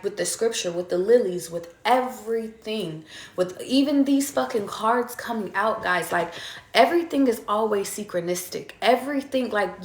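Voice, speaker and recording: A young woman tarot reader talking casually to her viewers, chatty and swearing freely. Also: mid-range voice. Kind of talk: casual spiritual talk to viewers. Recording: echoey room.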